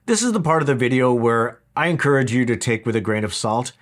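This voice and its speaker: A man's voice: medium pitch, very animated, fast talker. Casual, wry man reviewing gear. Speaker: audio equipment reviewer. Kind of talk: product review narration.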